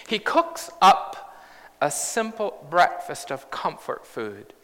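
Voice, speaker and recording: A man in his fifties preaching a sermon in a large church, measured and reflective with bursts of humour. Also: medium pitch, a bit bright. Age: 50s. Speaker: pastor. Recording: long church reverb.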